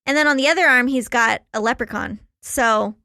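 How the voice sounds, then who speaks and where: A young adult woman co-hosting a podcast in casual chat, excitable and playful, often exclaiming. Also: fairly high pitch, fairly quick, no echo, clean studio sound. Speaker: podcast co-host.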